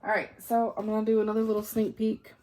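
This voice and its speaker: A woman's voice: medium pitch, monotone, fast, darkish tone, slight background noise. A tired woman chatting casually as she shows her cross-stitch projects, rambling with fillers and correcting herself. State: tired and yawning. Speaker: cross-stitch vlogger showing works in progress. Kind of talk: casual show-and-tell chat.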